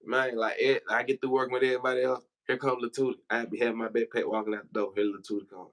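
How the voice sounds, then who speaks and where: A man's voice: medium pitch, level tone, quick pace, hardly any pauses, fairly bright tone, poor audio. A man from Memphis, telling loose, profane stories on a livestream and laughing as he goes. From Memphis, Tennessee. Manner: profane, laughing, slangy storyteller. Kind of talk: casual storytelling on a livestream.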